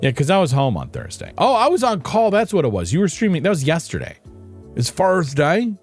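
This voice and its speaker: A man's voice: fairly high pitch, wildly swooping pitch, quick pace, darkish tone, soft background music. A man streaming a game, chatting casually with viewers in a playful, rambling, self-mocking way. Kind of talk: casual live-stream chat.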